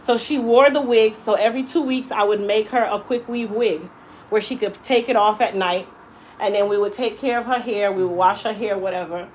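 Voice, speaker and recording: A woman's voice: mid-range voice, moderate pace, a little hiss or hum, poor audio. A young adult woman, a hairstylist, telling an emotional personal story and acting out the voices she quotes. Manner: animated, acts out quoted voices. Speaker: hairstylist and salon owner.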